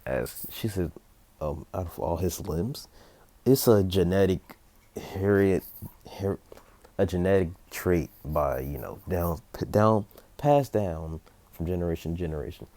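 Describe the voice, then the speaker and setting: A man's voice: low-pitched, a little slow, warm tone. A man improvising a fan story aloud, rambling, full of fillers and self-corrections.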